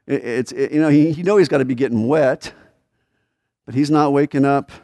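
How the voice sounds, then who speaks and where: Speaking a little fast, a male pastor gives a conversational sermon in which he poses rhetorical questions to the congregation and dramatizes desperate pleas. His delivery rises for the pleading and then drops into low, quiet asides.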